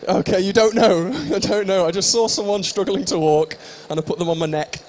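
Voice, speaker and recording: A man's voice: high-pitched, a little fast. A young man hosting a live stage show, joking and teasing the audience in improvised comic banter. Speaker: stage host at a live fan convention.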